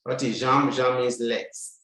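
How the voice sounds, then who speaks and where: A man teaching French, drilling pronunciation and repeating each word slowly for the learner to copy. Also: mid-range voice, level tone, a bit bright. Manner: slow, deliberate, repeats words for the learner to copy. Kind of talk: language lesson, drilling pronunciation. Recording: very echoey room.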